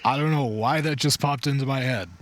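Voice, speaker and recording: Recorded with clean studio sound and no room ambience, a podcast co-host with a mid-range voice talks fairly quickly. His casual chat about films and TV wanders, includes swearing, and sometimes loses the thread.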